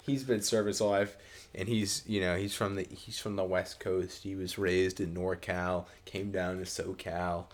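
A man with a low voice chatting loosely as a podcast co-host. He rambles, trips over his words and restarts often, keeping an easygoing conversational tone. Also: level tone. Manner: rambling, halting with many restarts and fillers. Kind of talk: casual chat.

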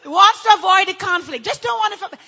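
A woman pastor teaching a church audience about marriage, animated and acting out how people complain. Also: very high-pitched, fairly quick, gravelly, dull audio, noisy background.

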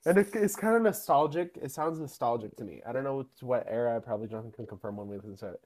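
A man's voice: medium pitch, animated, rapid-fire, darkish tone. A young man co-hosting a podcast in casual chat, chatty and often laughing as he talks. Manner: chatty and giggly, often laughing mid-sentence. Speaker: podcast co-host.

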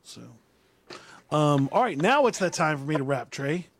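A man with a slightly high voice hosts a casual podcast chat. He rambles in an easygoing way, often restarting a sentence partway through. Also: lively intonation, normal speed. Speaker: podcast host.

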